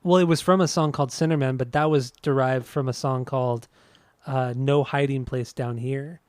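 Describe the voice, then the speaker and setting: A man co-hosting a music podcast, chatting in a relaxed, enthusiastic way about songs and how they were produced. His voice has an average pitch and a dry, close sound with no room echo. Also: normal speed, clear, resonant tone. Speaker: podcast co-host. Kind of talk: casual chat.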